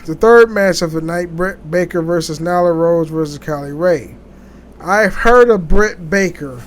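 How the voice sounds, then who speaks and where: A man hosting a casual solo podcast, talking in a rambling, halting way with many restarts and fillers. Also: a little high, slight background noise. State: sleepy, yawning. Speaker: podcast host.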